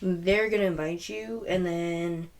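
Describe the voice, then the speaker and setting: Young woman, low voice, casual storytelling, rambling, swears. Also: steady tone, measured pace. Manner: rambling, frequent fillers and self-corrections, swears. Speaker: podcast host.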